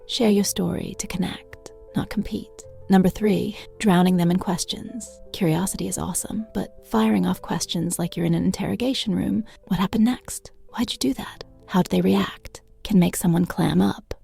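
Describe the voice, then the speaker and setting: A woman with a low-toned, gravelly, mellow voice delivers scripted narration for a self-help video. She speaks in a friendly, conversational way, as if giving advice to a friend, over faint music in the background. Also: steady tone, moderate pace, few pauses.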